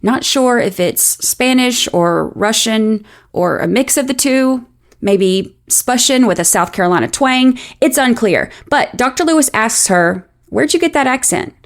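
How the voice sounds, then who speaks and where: A woman hosting a true-crime show, narrating a scripted account in a measured, explanatory way with a lightly sardonic edge. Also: on the high side, expressive. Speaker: podcast host.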